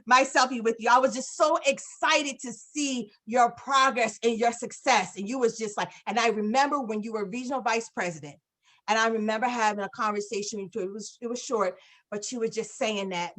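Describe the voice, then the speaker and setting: A woman speaking on a business video call, telling an effusive, animated story full of fillers and praise for a colleague. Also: a little high, brisk. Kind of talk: casual testimonial on a video call.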